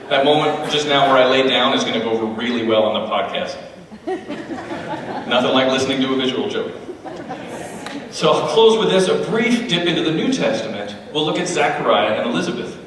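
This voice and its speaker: A man performing a stand-up comedy set at a church, with wry, deadpan asides, heard in an echoey hall from a distant mic. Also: mid-range voice, brisk, background noise.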